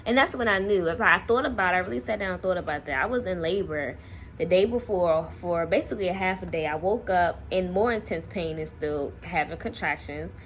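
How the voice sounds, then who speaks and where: A young woman vlogger casually telling a personal story to camera, animated and laughing often. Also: fairly low pitch, a little fast, slight background noise. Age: young adult.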